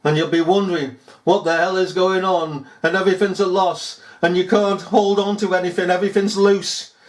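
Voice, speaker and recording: A man's voice: sits high, flat delivery, normal speed. A man ranting in a rambling monologue, mocking and chuckling as he talks.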